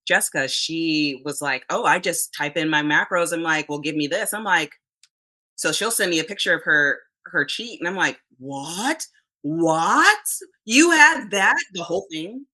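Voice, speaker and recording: A woman talking as a podcast guest in a relaxed interview, chatty and often quoting herself. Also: sits low, moderate pace, rough recording. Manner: chatty, quotes herself often, frequent restarts. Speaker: podcast guest, fitness competitor. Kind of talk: casual interview chat.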